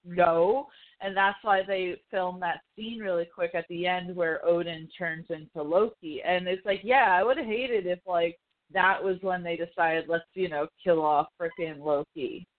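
The audio is narrow-band, like a phone line, carrying a podcast host's mid-range voice at a moderate pace. He rambles casually about movies in a pop-culture chat, with plenty of filler words and regular swearing.

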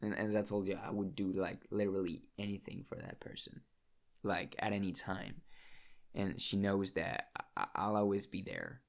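A man's voice: low voice, animated, normal speed, gravelly. A young man vlogging in a casual, emotional monologue, swearing often and restarting his sentences as he talks about his feelings.

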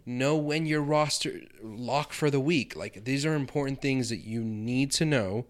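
A man's voice: mid-range voice, unhurried. Teasing male podcast co-host. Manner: teasing, relaxed banter. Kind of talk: casual chat.

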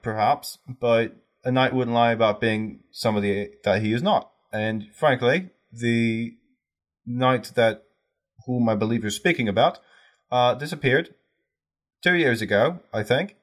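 A man's voice: mid-range voice, animated, measured pace, close to an everyday voice. Guy doing a snippy dock clerk brushing people off, plain middle voice. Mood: haughty. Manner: dismissive, clipped. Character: curt male dock clerk with a ledger.

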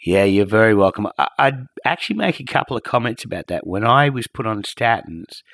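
A man's voice: fairly low pitch, animated, fairly quick, gravelly, fairly bright tone, dry recording, studio quality. A man co-hosting a podcast, chatting casually and commenting with a few hesitant restarts. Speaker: podcast co-host.

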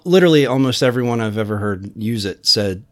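A man's voice: on the low side, animated, quick pace, a bit bright. A man on a casual podcast explaining a point while thinking aloud. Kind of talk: casual chat.

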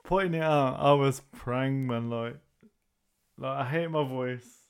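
A man's voice: mid-range voice, unhurried, clean tone. A young man, co-hosting a podcast in casual chat, laid-back and slangy as he reasons things out. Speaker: podcast co-host.

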